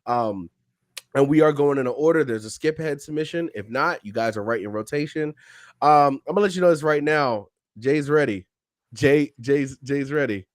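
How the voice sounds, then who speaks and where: A man's voice: mid-range voice, normal speed, no echo, studio quality. A man hosting a music review livestream, talking in casual slang and laughing often.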